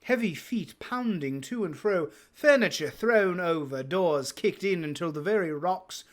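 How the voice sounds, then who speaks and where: A man giving a theatrical, unhurried dramatic read-aloud of a classic novel. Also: high-pitched, lively intonation. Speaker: reader.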